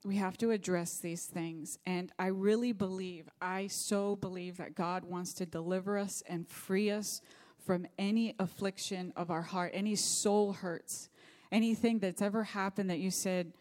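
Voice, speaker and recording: A woman's voice: mid-range voice, steady tone, unhurried, darkish tone. A middle-aged woman pastor preaching a sermon, telling a personal story in an earnest, faith-focused way.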